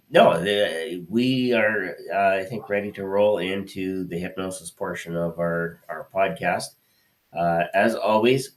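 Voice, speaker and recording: A man hosting a live podcast over a video call, relaxed, with many fillers as he announces the next segment. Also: low-pitched. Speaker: podcast host.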